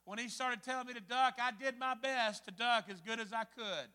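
Preaching a sermon, this pastor's remarkably high, bright voice pushes forcefully as his story lurches from quiet asides to loud outbursts. He speaks at normal speed with a clean tone, echoing through the long reverb of a church hall.

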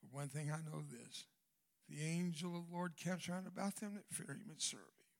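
An older man with a Southern American accent preaching a storytelling sermon as a guest speaker, swinging from hushed, quiet passages to loud bursts and joking asides. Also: fairly high pitch, moderate pace. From Southern United States.

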